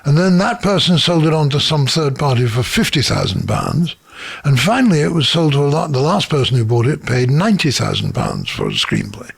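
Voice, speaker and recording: A man's voice: mid-range voice, big pitch swings, brisk, creaky, breathy edge. An older man, a screenwriter, tells anecdotes in an interview in his office. He chuckles as he talks and acts out the voices of people in his stories. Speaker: screenwriter and producer.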